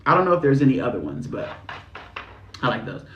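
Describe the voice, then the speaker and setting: A man giving spiritual readings on a livestream, talking in a sassy, slangy, animated way. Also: medium pitch, brisk, slight background noise. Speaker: spiritual reader. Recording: echoey room.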